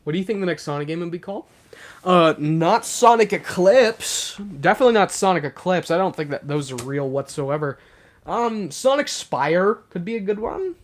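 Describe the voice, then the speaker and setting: Young man, livestream host, casual rambling chat, fairly high voice, lots of filler words. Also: animated, normal speed.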